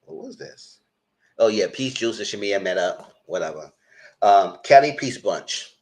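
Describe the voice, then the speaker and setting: Male reality-TV commentator, lively sassy delivery with big pitch swings, casual live chat. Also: moderate pace. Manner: animated, sassy, frequent squealing jumps in pitch when mimicking. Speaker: commentator reviewing a reality show.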